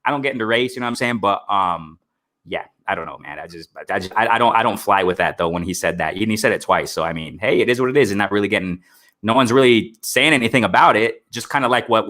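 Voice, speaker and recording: A man's voice: on the low side, pushed and bright. A man hosting a casual live-streamed boxing talk show, rambling and repeating himself with plenty of "bro" and "man".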